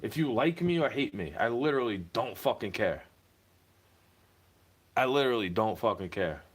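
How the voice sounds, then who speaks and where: A man's voice: mid-range voice, lively intonation, normal speed. A young man ranting to camera in a heated, profane monologue, slipping into mocking put-on voices.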